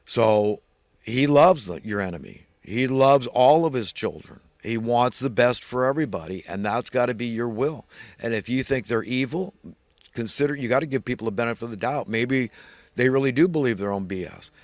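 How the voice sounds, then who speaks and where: A man's voice: medium pitch, normal speed, no room sound. A middle-aged American man giving an earnest, rambling moral monologue, repeating himself and restarting his phrases. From United States. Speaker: vlogger.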